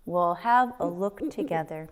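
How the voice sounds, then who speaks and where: A woman voicing a calm, sensible male hedgehog in a storybook reading. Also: lowish voice, a little slow, natural voice.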